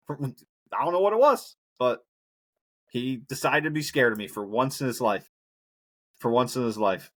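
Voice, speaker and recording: A man's voice: mid-range voice, expressive, fast talker, a bit bright. A man hosting a solo podcast, rambling casually and breaking into profane rants. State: injured knee, hobbling. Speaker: podcast host.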